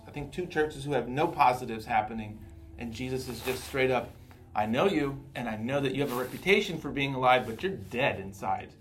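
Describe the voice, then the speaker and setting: A man teaching a Bible study group in a relaxed, conversational way, often repeating words and checking in with his listeners. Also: mid-range voice, slight background noise.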